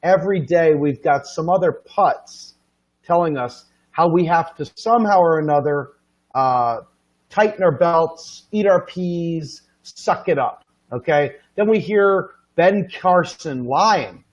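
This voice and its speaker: Man, high voice, exasperated, ranting host, dull lo-fi audio. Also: slow. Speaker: show host. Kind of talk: ranting casual chat. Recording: dull lo-fi sound.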